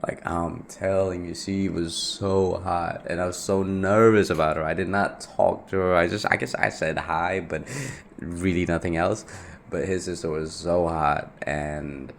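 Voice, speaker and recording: A man's voice: sits low, fairly even intonation, unhurried, gravelly, slight background noise. A young man from Nepal telling a personal story in a rambling, casual way, full of "like" and "right?". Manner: rambling, repeats himself, many fillers like "right?" and "like".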